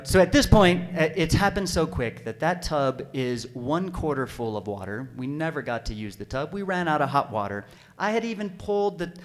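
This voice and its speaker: A man telling a personal story live on stage at a story slam, animated and self-deprecating, now and then bursting into panicked yelps. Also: mid-range voice. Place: stage at an arts center.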